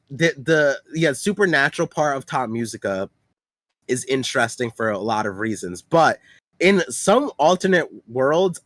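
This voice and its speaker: A man co-hosting a podcast, talking excitedly about manga in casual chat, with lots of fillers. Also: medium pitch, no room sound. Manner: excitable, many filler words and restarts. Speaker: podcast co-host.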